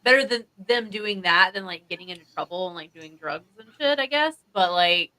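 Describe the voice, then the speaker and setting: Bright chatty voice full of "like". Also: medium pitch, lively intonation, fairly quick, poor audio. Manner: chatty, many "like" fillers. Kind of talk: casual chat.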